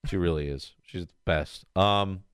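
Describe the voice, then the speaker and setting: A man's voice: sits low, a little slow, clean tone, dry recording, studio quality. A man co-hosting a casual podcast chat, telling stories loosely with lots of swearing and acted-out quotes. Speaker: podcast co-host.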